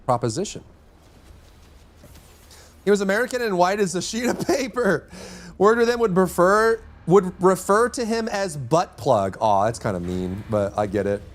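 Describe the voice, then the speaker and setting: A man's voice: high voice, lively intonation, normal speed. A man streaming a game live, rambling and joking with his teammates in casual chat. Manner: rambling and jokey, chatting with teammates. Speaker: livestreamer and gamer.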